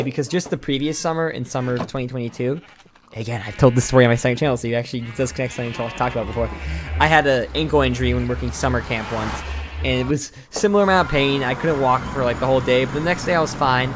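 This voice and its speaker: A man's voice: mid-range voice, rapid-fire, over music. A man streaming, telling a long rambling story while he plays, full of "like" fillers and restarts. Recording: noisy home stream mic with clicks.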